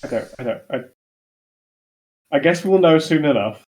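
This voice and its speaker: A tabletop game player making jokes in a relaxed chat with friends. The voice sits at a middling pitch. Thoughts sometimes trail off before they finish. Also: normal speed. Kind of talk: casual chat among players.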